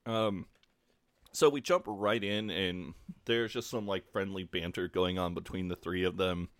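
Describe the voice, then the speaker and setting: Laid-back low-voiced man, dry sound. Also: steady tone, a little slow, no room sound. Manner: laid-back, laughs often, recaps from notes. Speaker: podcast co-host. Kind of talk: casual podcast recap chat.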